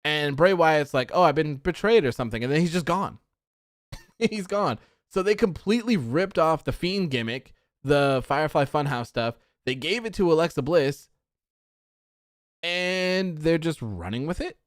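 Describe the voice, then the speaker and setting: Young man, casual livestream host, frustrated, rambling, smooth voice, dry sound. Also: a little high, lively intonation, a little slow, no room sound. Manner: frustrated, rambling, reads chat comments aloud. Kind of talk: casual wrestling post-show chat.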